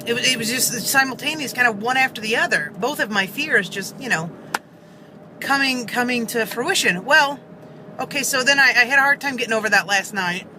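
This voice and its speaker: A woman's voice: on the high side, fairly quick, noisy background. A woman vlogger earnestly telling a story to camera, rambling with many fillers and restarts, seated in a car.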